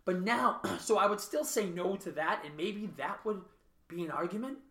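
A man hosts a podcast in a casual, earnest chat, thinking out loud. His voice is bright and forceful. The sound has a roomy echo. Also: high voice, moderate pace. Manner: earnest, reflective, often asks "right?". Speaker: podcast host.

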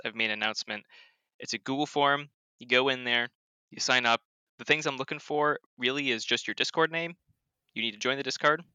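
Bright-voiced Canadian man. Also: medium pitch, clear, resonant tone, dry recording. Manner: chatty, restarts sentences, explains at length. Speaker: league organizer and guest. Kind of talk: casual podcast chat.

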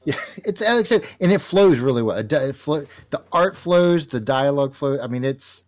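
A man co-hosting a casual comic book talk show, animated and laughing often as he reads panels aloud. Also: a little high, moderate pace. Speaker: podcast co-host.

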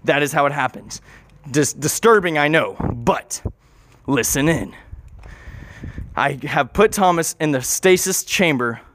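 A man's voice: on the high side, animated, a little slow, long pauses, fairly bright tone, slight background noise. A young man telling a goofy, rambling improvised story, interrupting and correcting himself as he goes.

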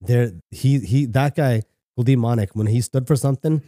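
On a podcast, a middle-aged guest from Canada recounts something personal with a warm, medium-pitched voice at a moderate pace. His manner is frank and relaxed, full of swearing and restarted sentences.

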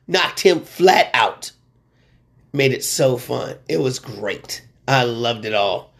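A man hosting a sports talk show, rambling and excitable with lots of slang. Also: medium pitch, takes it slowly, gravelly. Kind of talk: casual sports commentary.

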